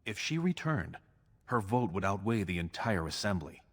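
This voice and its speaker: Calculating dwarf prince: low American voice, smooth persuasion, reverberant. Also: male voice, sing-song. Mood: persuasive. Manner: measured, persuasive. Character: scheming male dwarf prince. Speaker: game character. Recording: game audio with long reverb.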